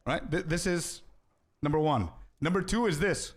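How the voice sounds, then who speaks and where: A man's voice: on the high side, normal speed, slight background noise. A young man streaming a game, chatting casually with viewers and answering their questions. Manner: chatty, answers chat, says "bro" often. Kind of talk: casual live-stream chat.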